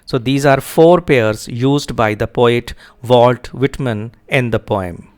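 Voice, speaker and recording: A man giving a classroom lecture on a poem exercise, repeating and spelling out key words deliberately. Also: medium pitch. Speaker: English teacher.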